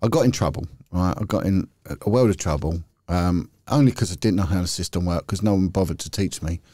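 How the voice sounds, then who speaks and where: A middle-aged former police detective, appearing as a podcast guest, tells candid, rambling stories in casual chat, often restarting his sentences. His low-pitched, mellow voice moves a little fast, with no room sound.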